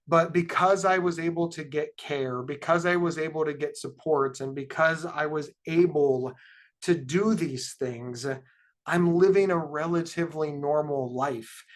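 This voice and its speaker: Animated middle-aged man telling his story. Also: on the high side, unhurried. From Ohio, USA. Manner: animated storytelling with frequent repeated starts. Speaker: guest speaker, mental health advocate. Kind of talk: personal talk to an audience.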